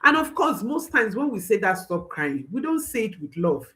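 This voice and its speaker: A woman's voice: fairly high pitch, very animated, a little fast, bright, forceful tone. A woman parenting coach giving advice to viewers, emphatic, often repeating her phrases and checking in with a questioning "hmm?".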